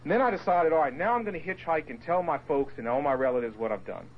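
A man from the Portsmouth, Virginia area telling his conversion story to a group, storytelling with lively voiced quotes and asides. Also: fairly high pitch, fast, breathy edge, dull audio. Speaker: speaker giving his testimony. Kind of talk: animated personal testimony to a group.

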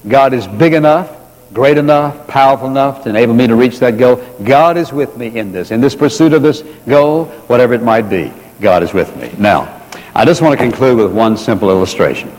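Male preacher, mid-pitched and earnest, leans on repetition; long hall reverb on the voice. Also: lively intonation, a little mellow. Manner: earnest, slows down and repeats key phrases for emphasis. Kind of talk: sermon.

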